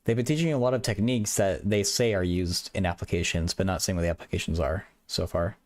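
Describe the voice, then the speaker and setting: Talking fast in a low voice, a young adult man runs a livestream from a small apartment bedroom. His chat with viewers is casual, marked by stuttering and repeated words.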